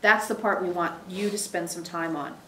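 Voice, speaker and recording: A woman channeler speaking as "we" for a spirit group, giving an emphatic, animated teaching to a small live audience. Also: fairly low pitch, normal speed, slight background noise. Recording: echoey room.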